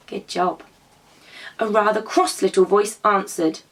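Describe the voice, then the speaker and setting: A woman who teaches drama to young children, telling a story and prompting them to act it out in an animated, encouraging way. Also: medium pitch, unhurried.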